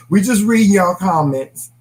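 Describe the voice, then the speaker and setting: Casual chatty guy on a live talk show, reads comments out loud, laughs easy. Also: high-pitched, rough recording. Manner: animated, laughing, reads viewer comments aloud. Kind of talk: casual live-stream chat.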